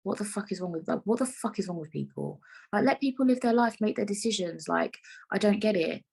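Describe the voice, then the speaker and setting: A woman's voice: medium pitch, animated, brisk, vocal fry, darkish tone, husky. A young woman hosting her own podcast, talking frankly and rambling, with plenty of swearing. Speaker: podcast host. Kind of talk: casual solo podcast monologue.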